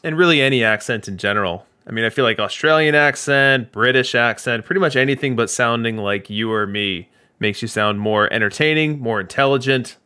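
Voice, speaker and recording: A man's voice: medium pitch, a little fast, hardly any pauses, bright, forceful tone, clean tone. A man hosting a live stream, chatting casually and thanking viewers for their subscriptions. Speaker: stream host.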